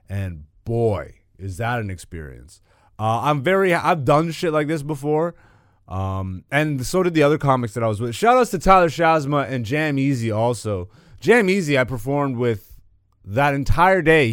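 A man's voice: mid-range voice, smooth, no echo, studio quality. A man hosting his own podcast as a stand-up comic, telling stories in a swaggering, profane, hyped-up way. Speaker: podcast host and stand-up comedian. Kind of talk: casual solo podcast chat.

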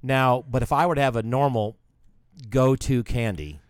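A man's voice: mid-range voice, moderate pace, clean tone, no echo, clean studio sound. A man co-hosting a podcast, telling a long rambling story and acting out the other people in it, with some swearing. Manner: rambling storyteller, swears, acts out quoted voices. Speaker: podcast co-host. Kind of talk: casual chat.

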